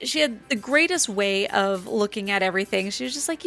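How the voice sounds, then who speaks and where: A young woman chatting to camera, telling stories in a lively way and acting out what people said. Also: medium pitch, a little fast, faint music behind. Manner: chatty, animated, acts out quotes. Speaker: vlogger. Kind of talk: casual storytelling to camera.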